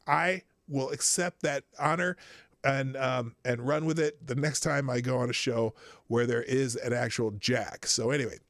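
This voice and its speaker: A man hosting a live stream, wrapping up in a rushed, loose and profane way, with many restarts. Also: medium pitch, fairly even intonation, a bit bright, dry recording, clean studio sound. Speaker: live-stream show host. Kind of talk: casual live-stream commentary and sign-off.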